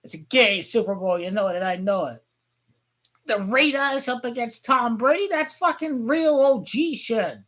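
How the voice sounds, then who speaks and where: Husky-voiced woman ranting about football. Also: a little high, animated, normal speed. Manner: rambling, crude and heated, with sudden shouting outbursts. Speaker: sports fan vlogger. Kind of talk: profane football rant.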